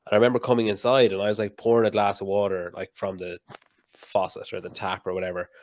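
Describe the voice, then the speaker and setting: A man's voice: on the low side, little pitch movement, quick pace, dry recording. A man hosting a podcast, chatting casually and telling rambling, laugh-filled stories with the odd swear word. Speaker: podcast host. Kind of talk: casual chat.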